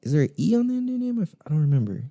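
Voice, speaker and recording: Excitable, profane young podcast host. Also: male voice, sits high, racing, no echo. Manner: loose, profane, enthusiastic storytelling with frequent laughs. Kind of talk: casual solo podcast talk.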